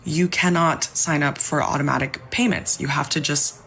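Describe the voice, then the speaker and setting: A woman's voice: deep voice, steady tone, normal speed, fairly bright tone, slight background noise. A young woman telling her own story in a frustrated tone, explaining at length and sometimes dropping to a whisper. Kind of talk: personal testimony video.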